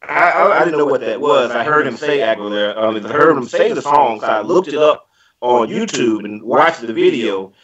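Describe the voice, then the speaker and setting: A man talking as a guest panelist in a casual podcast chat, animated and sometimes breaking into a sung line. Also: mid-range voice, normal speed, muffled recording, a crowd in the background. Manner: animated, breaks into snatches of song when describing a show.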